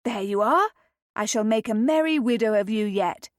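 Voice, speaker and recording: A woman voicing an excitable, playful young lady friend in a read romance novel. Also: on the high side, moderate pace, dry recording, clean studio sound, lightly acted. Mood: excited. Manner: excited, chirpy.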